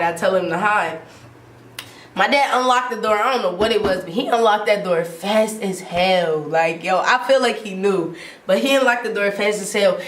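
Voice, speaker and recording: Animated woman in her twenties, slangy. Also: medium pitch. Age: 20s. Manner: animated and slangy, heavy use of filler "like". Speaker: vlogger. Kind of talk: casual storytime. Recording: roomy sound from off the mic.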